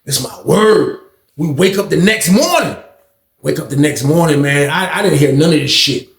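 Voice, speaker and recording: A man telling a story casually and animatedly, jumping up in pitch to act out other voices. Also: normal speed, creaky. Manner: animated, acting out voices with big pitch jumps. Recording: echoey room.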